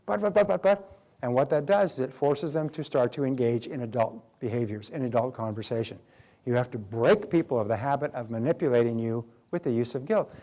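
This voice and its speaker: A man's voice: mid-range voice, brisk, mellow. A middle-aged man giving a motivational talk, emphatic, repeating key phrases and acting out quoted dialogue. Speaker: motivational speaker.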